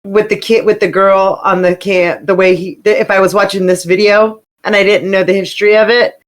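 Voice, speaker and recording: A woman co-hosting a podcast in casual chat, joking and self-mocking, quick to laugh. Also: medium pitch, fairly even intonation. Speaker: podcast co-host.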